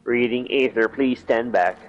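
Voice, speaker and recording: A man putting on the voice of a drunk robotic lantern, giving stumbling monotone announcements. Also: mid-range voice, unhurried, natural voice. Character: drunk robotic lantern device, stiff and clumsy. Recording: dull lo-fi audio.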